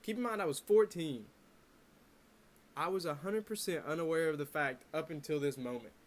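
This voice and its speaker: Young man telling a story, pitched a bit high. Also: normal speed. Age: young adult. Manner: animated, dramatic retelling with wry asides. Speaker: vlogger. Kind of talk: casual storytelling to camera. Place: his bedroom at home.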